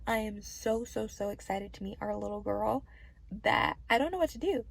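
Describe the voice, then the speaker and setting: A woman vlogging from a hospital room as a pregnancy vlogger, chatting to camera in a bubbly, gushing, excitable way. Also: medium pitch, moderate pace, creaky, slightly rough, dry recording. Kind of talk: casual chat to camera.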